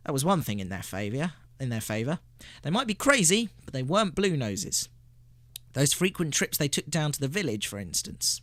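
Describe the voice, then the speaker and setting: A man hosting a radio show, reading a story aloud with expressive narration. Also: fairly high pitch, moderate pace, no room sound. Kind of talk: scripted narration.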